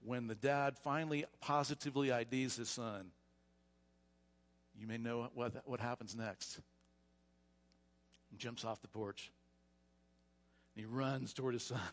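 Animated pastor telling a story. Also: male voice, mid-range voice, a little slow, long pauses, big-room sound. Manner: animated retelling, frequent repetitions. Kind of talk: storytelling sermon. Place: church sanctuary.

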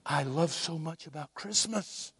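Slow, dramatic male preacher. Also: fairly high pitch, creaky, husky. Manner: slow, dramatic preaching with hushed whispered moments. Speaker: pastor. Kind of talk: sermon.

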